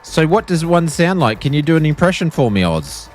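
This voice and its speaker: A man's voice: fairly high pitch, very animated, brisk, faint music behind. An Australian man chatting casually and joking while he streams a flight simulator. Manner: joking, playfully pleading. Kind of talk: casual live-stream chat.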